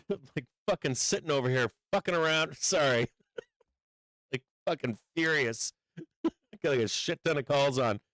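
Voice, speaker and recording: A man hosting a live stock trading stream, talking through charts and swearing loudly when a trade turns against him. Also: a little high, normal speed, no echo. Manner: profane, swings from calm chart talk to furious outbursts. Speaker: livestream trading host. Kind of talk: live market stream commentary.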